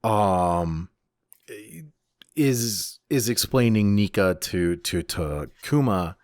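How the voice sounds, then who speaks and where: A man co-hosting a podcast, chatting casually and thoughtfully, with halting restarts. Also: deep voice, darkish tone, no echo, clean studio sound. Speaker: podcast co-host. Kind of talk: casual chat.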